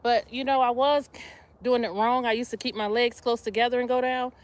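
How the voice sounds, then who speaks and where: A woman, talking to her live stream viewers as she works out. Her voice sits a little high, and she talks loosely with plenty of laughs and exclamations while she squats. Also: fairly even intonation, brisk. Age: 50s. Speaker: livestream host. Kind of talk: casual live exercise chat.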